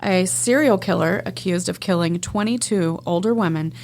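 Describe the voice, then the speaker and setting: A woman's voice: on the low side, normal speed, a little mellow. Texan woman co-hosting a crime podcast. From Texas. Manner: conversational, reads news items aloud and comments. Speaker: podcast co-host. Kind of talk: casual chat, reading news headlines.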